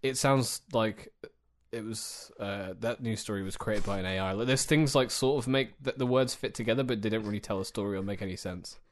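A man's voice: lowish voice, a little fast. Man, podcast co-host, rambles, laughs a lot, restarts his sentences. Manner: rambling, laughs often, self-correcting. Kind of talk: casual comedic chat.

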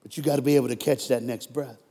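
An American man giving a live motivational sermon to a crowd, telling his story in a voice that drops to a hush and then rises to loud, fired-up preaching, with jokes aimed at the audience. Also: medium pitch, fairly even intonation, fast, slightly rough. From United States. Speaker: motivational speaker. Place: large hall with a live audience. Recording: echoey hall with long reverb.

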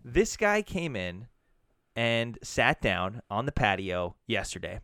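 A man, a bartender and podcast co-host, telling a profane, animated story with frequent restarts. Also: medium pitch, slow pace, smooth, dry recording, studio quality. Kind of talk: casual chat.

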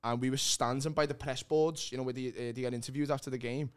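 A man's voice: mid-range voice, steady tone, smooth. Sweary man telling stories. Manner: sweary storytelling, halting restarts, laughing often. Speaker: comedian guest. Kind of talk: casual podcast chat.

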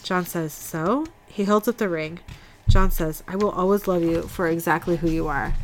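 A woman's voice: on the low side, normal speed, slight background noise. A woman co-hosting a podcast, reading scene dialogue from her notes in a casual recap. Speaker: podcast host recapping an episode.

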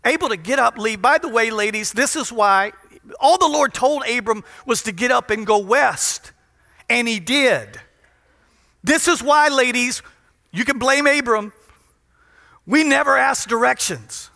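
A man from Louisiana preaching to a congregation in a joking, emphatic way, his voice pitched very high for a man and bright. The sermon rings out with a long reverb in a big church hall. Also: measured pace, gravelly. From Louisiana, USA. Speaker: pastor. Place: large church in front of a congregation.

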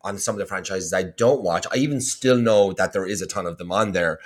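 A man's voice: low-pitched, brisk. A man, a cookbook author guest, telling a story in casual chat with lots of fillers. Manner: rambling, filler-heavy storytelling.

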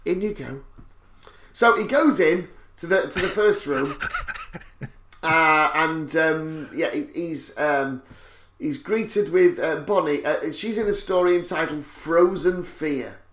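A man retells a film plot in casual podcast chat. He has a slightly higher voice, and his tone is wry and mocking, with a dry joke or an offhand swear now and then. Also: slow, fairly bright tone, a little hiss or hum. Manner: wry, joking, swears for comic effect. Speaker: podcast co-host.

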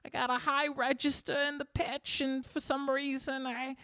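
A man putting on the voice of a young adolescent boy with a high, whiny, nasal delivery. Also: level tone, moderate pace, bright, forceful tone, no echo, studio quality. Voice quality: high shrill whine. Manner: nagging, nasal. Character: squeaky adolescent boy wanting a deeper voice.

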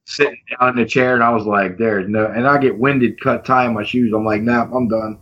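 A man's voice: medium pitch, fairly even intonation, brisk, fairly bright tone, dull audio. A man chatting on a hobby podcast, enthusiastic and slangy, saying "dude" and "man.". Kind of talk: casual chat.

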